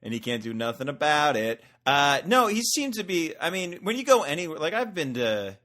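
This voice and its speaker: Joking, animated podcast co-host man. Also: a little high, normal speed. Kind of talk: casual chat. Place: Vancouver.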